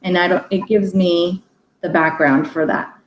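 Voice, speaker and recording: A chatty woman hosts a relaxed book discussion, rambling with fillers and breaking into laughs. Her voice sits at an ordinary pitch. The room is echoey, with a faint hum of ambient noise behind her. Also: unhurried. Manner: chatty, laughs often, many fillers and restarts. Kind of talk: casual chat.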